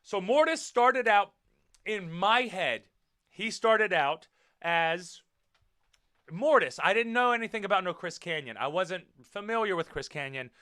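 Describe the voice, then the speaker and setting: An American man hosting a casual wrestling podcast, talking in an animated, blunt way, swearing now and then and repeating himself for emphasis. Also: high-pitched, a little slow, clean tone, no echo, clean studio sound. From United States. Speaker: podcast host and professional wrestler.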